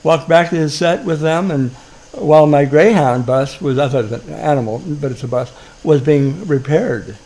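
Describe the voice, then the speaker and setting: A man's voice: on the high side, moderate pace, darkish tone. A man rambling through a chat, chuckling as he reads off stories. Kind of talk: casual chat.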